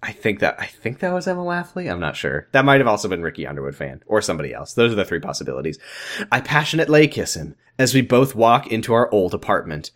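A man's voice: lowish voice, big pitch swings, fast talker, a bit bright. A man co-hosting a podcast, reading fan fiction aloud in a dry, mock-dramatic way and chatting casually between lines. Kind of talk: casual comedic reading and chat.

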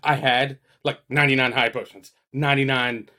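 Male podcast co-host, mid-pitched, easygoing, swears casually in conversation. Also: level tone, normal speed, pushed and bright. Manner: laid-back, profane, laughs through stories. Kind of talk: casual chat.

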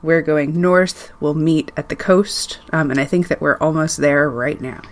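A woman playing a tabletop game, giving a relaxed, chatty recap to the group. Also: sits low, unhurried. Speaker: player. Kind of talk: casual tabletop play.

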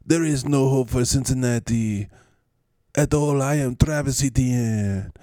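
A man voicing a boastful football star in a mock French-Spanish accent, speaking halting, broken English. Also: medium pitch, dark tone, no room sound, clean studio sound, voice pushed up, natural voice. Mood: cocky.

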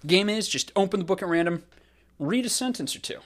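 A man hosting a casual podcast discussion, talking in a sardonic, profane and lively way. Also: high voice, brisk. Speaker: podcast host.

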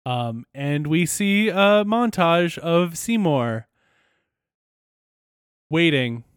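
A man's voice: on the high side, expressive, drawn-out words, clear, resonant tone, dry recording, clean studio sound. A man co-hosting a podcast, chiming in with short, emotional reactions during a casual chat. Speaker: podcast co-host.

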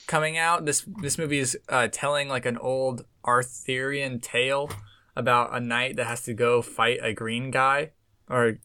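A man in his thirties talks casually with friends on a podcast. His voice is bright and smooth, and the sound is dry and close. He gets excitable and swears freely. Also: medium pitch, normal speed, dry recording. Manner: excitable, swears freely, calls everyone dude. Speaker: podcast co-host. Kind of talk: casual chat.

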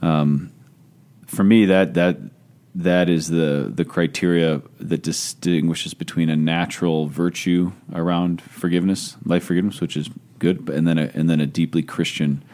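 A man hosting a podcast, speaking thoughtfully and deliberately with pauses and fillers. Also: low voice, steady tone, a little mellow. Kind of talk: casual podcast conversation.

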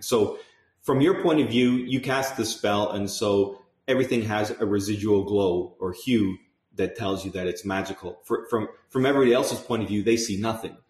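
A man with a fairly low voice recaps a tabletop game as its game master, chatty and quick to laugh. His sentences restart often. The sound is roomy and echoey. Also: a little mellow.

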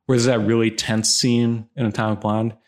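A man's voice: lowish voice, flat delivery, normal speed. A man co-hosting a casual film chat, sarcastic and ranting, his voice jumping up when annoyed. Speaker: podcast co-host.

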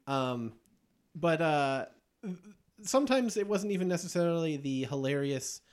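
A man hosting a podcast, chatting casually about movies, enthusiastic and quick to laugh as he recounts scenes with plenty of fillers. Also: a little high, lively intonation, clear, resonant tone. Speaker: podcast host.

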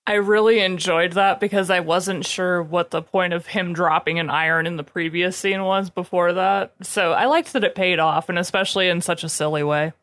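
A woman's voice: on the low side, steady tone, normal speed, hardly any pauses, a bit bright, no room sound, clean studio sound. A woman co-hosting a podcast, chatting in an easygoing, amused way. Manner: easygoing, laughs often. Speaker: podcast co-host. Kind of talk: casual chat.

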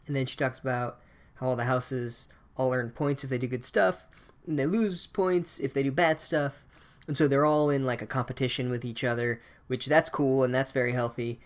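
A man's voice: mid-range voice, fairly even intonation, normal speed. A man giving a profane, sarcastic comedic recap of a book chapter, ranting as he goes.

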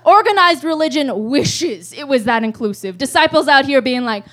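High-voiced woman telling a rambling comic story. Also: expressive, moderate pace, hardly any pauses, a bit bright. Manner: rambling, profane, laughs often. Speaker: storyteller at a live show.

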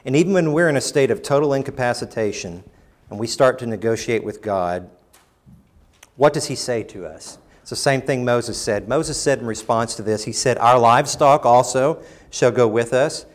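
A pastor delivers a sermon, swinging between emphatic bursts and low, quiet moments, sometimes performing quoted lines in mock voices. He's expressive and keeps a moderate pace.

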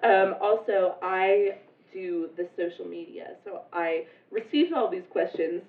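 A woman's voice: fairly low pitch, unhurried. A woman who is sick, hosting a casual podcast chat with friends and laughing often. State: sick, congested. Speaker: podcast host and player. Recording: echoey room, distant mic, phone-like sound.

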